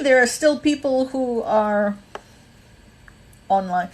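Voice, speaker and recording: This woman's voice is slightly high and animated yet slow, with long pauses and a darkish tone, heard in a rough recording. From Malaysia, she has a mostly American accent with a hint of Australian and hosts a rambling, casual livestream, saying um a lot and greeting viewers by name.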